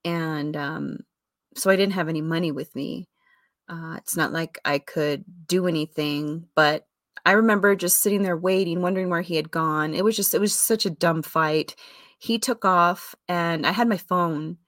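Candid, low-voiced woman telling her story. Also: moderate pace, no room sound, clean studio sound. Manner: rambling, self-correcting, with fillers and soft laughs. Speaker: storyteller sharing a personal story.

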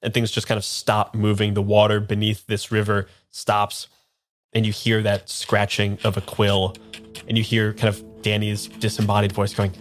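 A man's voice: lowish voice, monotone, moderate pace, soft background music. A man narrating as game master of a tabletop game, in a loose, filler-heavy way.

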